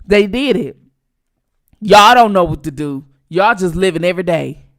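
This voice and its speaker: Gravelly, lively woman streamer. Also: fairly low pitch, normal speed. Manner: blunt, profane, teasing. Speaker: channel host. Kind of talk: live-stream commentary talking to viewers.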